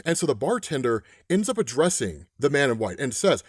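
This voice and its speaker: A man recapping a comic for his channel, chatty and animated, often asking "right?". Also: mid-range voice, fairly quick, hardly any pauses, husky, no echo, clean studio sound. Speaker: comic book explainer.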